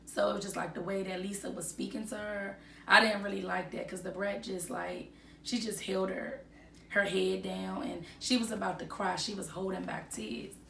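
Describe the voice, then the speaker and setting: A woman's voice: mid-range voice, creaky, a bit bright, echoey room, recorded from a distance, slight background noise. A woman giving casual gossip commentary, chatty and full of fillers as she retells what others said.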